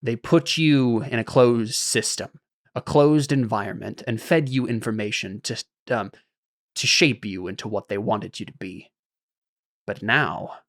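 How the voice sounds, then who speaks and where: A man voicing a solemn, knowing alien, speaking slowly and quietly in measured phrases. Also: on the low side, no room sound, studio quality. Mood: forceful, grave.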